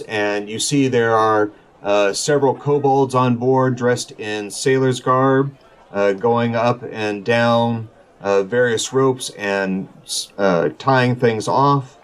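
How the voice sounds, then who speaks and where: A male podcast host narrates a tabletop adventure as game master. He talks slowly and loosely, pausing often on filler sounds as he builds each scene. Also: mid-range voice, smooth. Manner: relaxed narration with frequent filler pauses.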